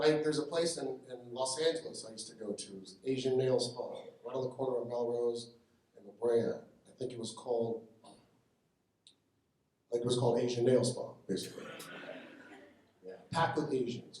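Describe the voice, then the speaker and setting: At a live benefit show, a man from the United States does a stand-up set of punchy, irreverent stories in a warm, medium-pitched voice. The recording is distant and echoey, with faint noise.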